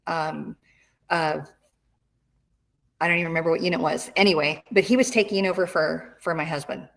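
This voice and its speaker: A middle-aged woman tells a story in an interview. She talks in an animated way and acts out the voices of the people she quotes. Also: deep voice, a little fast, vocal fry. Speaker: interview guest, retired Marine.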